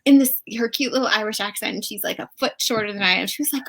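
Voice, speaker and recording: A woman author chatting as an interview guest, an animated storyteller who laughs often. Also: on the high side, fast, vocal fry, few pauses. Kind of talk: casual interview chat.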